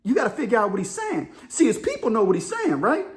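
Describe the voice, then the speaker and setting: This middle-aged storyteller and channel host has a very high voice with huge pitch swings and talks fast. In his casual monologue he performs voices and sound effects, laughing often as the story unfolds.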